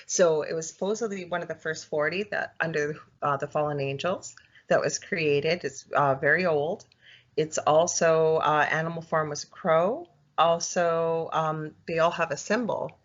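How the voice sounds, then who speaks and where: Woman, low voice, halting casual storytelling, muffled lo-fi audio. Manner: halting, many fillers and restarts. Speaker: podcast guest. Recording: dull lo-fi audio.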